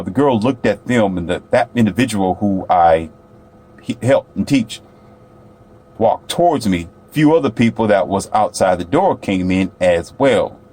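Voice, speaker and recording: This male vlogger has a fairly low, slightly mellow voice. He brags his way through a relaxed story on camera, chatting away and frequently addressing the viewer head-on.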